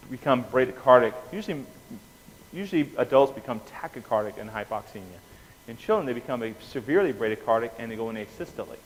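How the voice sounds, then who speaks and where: A man giving an anesthesia lecture, animated, quizzing the class and often checking in with "okay?". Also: medium pitch. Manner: animated, asks the class questions, keeps saying "okay?". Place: lecture room. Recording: reverberant hall with faint noise.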